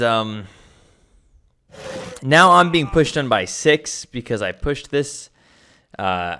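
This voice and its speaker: A man's voice: mid-range voice, sharp tone, clear, resonant tone. A man giving casual commentary over his own gameplay, thinking aloud with many restarts and fillers. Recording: faint background music.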